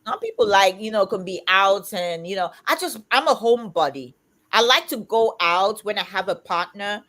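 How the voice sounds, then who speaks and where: Woman, fifties, livestream host, loud, blunt, emphatic, casual chat. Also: medium pitch, expressive, normal speed. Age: 50s.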